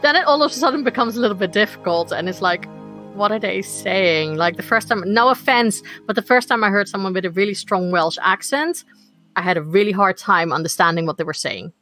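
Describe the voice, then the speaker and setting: A woman's voice: medium pitch, quick pace, pushed and bright, faint music behind. A woman who is not a native English speaker, hosting a podcast in a casual, chatty way and laughing often. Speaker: podcast host.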